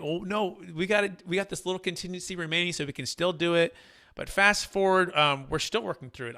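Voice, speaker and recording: A man hosting a casual business chat, telling a deal story with animated acted-out quotes. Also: fairly high pitch, clear, resonant tone. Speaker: host.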